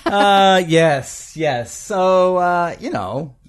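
A man's voice: high voice, lively intonation, drawn-out words, smooth. A man co-hosting a casual podcast chat, talking hesitantly with many fillers and laughing often. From United States. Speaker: co-host.

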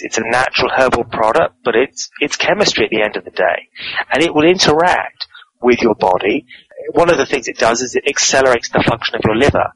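A man, a guest author, answering interview questions in a measured, explanatory way, often repeating words as he goes. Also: mid-range voice, a bit bright, poor audio.

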